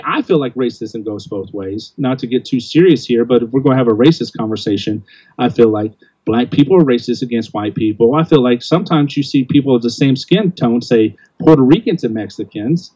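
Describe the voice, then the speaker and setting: An older man talks bluntly as a podcast host, circling back and restarting his sentences as he goes. His voice sits dark and mellow in the middle of a man's range. The recording is dry and a bit dull, like lo-fi audio. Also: mid-range voice, husky, no room sound. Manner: blunt, rambling with many restarts. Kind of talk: casual opinionated chat.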